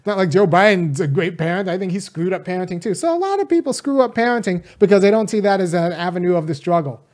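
A man's voice: high-pitched, a little mellow. A man from California delivers a passionate, unscripted monologue straight to his viewers. He is a college teacher talking at his own pace, pressing his points hard and wandering into side remarks along the way. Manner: impassioned, addresses viewers directly, rambling asides. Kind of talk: casual political video monologue.

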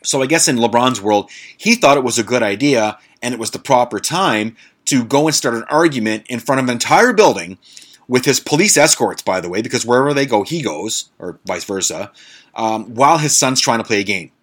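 A man's voice: medium pitch, expressive, fairly quick, fairly bright tone. A man hosting a casual monologue podcast, blunt and sarcastic, swearing freely and stumbling over fancy words. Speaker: podcast host.

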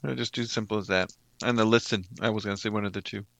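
A man playing a tabletop game, speaking quickly and hesitantly. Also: on the low side, steady tone, gravelly, fairly bright tone, no room sound. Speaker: player. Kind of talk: casual tabletop play.

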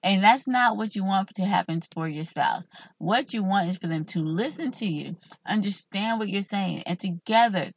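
A woman's voice: mid-range voice, normal speed, hardly any pauses, breathy edge, no room sound. A woman hosting a solo talk, giving relationship advice in an earnest, encouraging, conversational way.

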